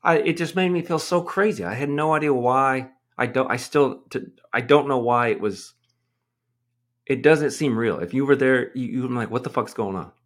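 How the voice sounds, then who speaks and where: A man on a casual podcast, telling a story in an animated, exasperated way and swearing freely. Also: medium pitch, normal speed. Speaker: podcast host.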